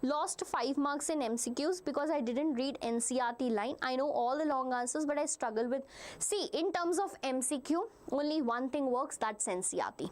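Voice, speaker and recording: A woman's voice: sits high, moderate pace. A woman teaching a live online class, asking her students questions as she goes. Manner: animated, asks the class questions.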